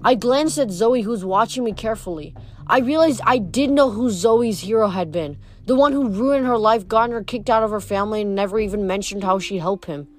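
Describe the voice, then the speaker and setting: A woman reading a novel aloud, steady and expressive. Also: medium pitch, a little fast. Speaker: reader. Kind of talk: audiobook narration.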